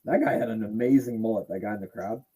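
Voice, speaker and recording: A man's voice: on the low side, fast, dark tone, husky, poor audio. A man hosting a casual wrestling podcast, joking around, swearing a lot and riffing on the footage. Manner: joking, profane, riffs in funny voices. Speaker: podcast host. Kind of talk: casual chat.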